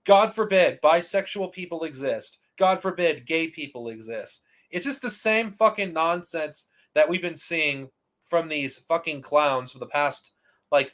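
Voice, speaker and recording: A man's voice: high-pitched, fairly bright tone. A man hosting a commentary channel, delivering a heated, profane rant with frequent restarts and repeated rhetorical questions. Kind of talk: ranting commentary.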